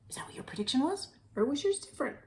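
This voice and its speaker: A woman teacher reading a picture book aloud to children, animated, gasping and asking them questions. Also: sits high, racing, in a whisper.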